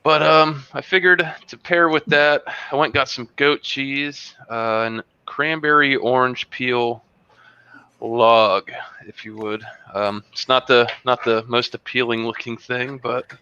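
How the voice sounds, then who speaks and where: A man hosting a casual online tasting show, describing a beer and a cheese in a relaxed, rambling way with plenty of fillers. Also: medium pitch, unhurried, clear, resonant tone, dry recording, lo-fi sound. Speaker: host reviewing beer and cheese. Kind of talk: casual tasting review on a video call. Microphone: video call.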